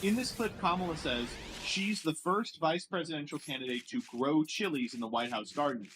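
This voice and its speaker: An American man streaming casual commentary as he reacts to online posts, sarcastic and quick to laugh, sometimes mocking French words. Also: a little high, background noise.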